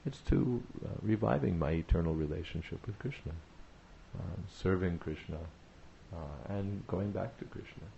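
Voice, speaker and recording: A man with a very low, gravelly voice gives a devotional talk, measured and full of "uh" pauses and repeated phrases for emphasis. The recording sounds a little dull, with faint hiss behind him. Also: warm tone. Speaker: spiritual teacher.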